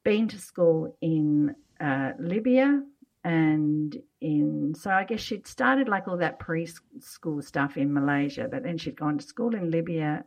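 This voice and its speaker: Chatty middle-aged woman, lowish voice. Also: a little mellow, low-quality recording. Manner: chatty storyteller, laughs often. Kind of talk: casual chat.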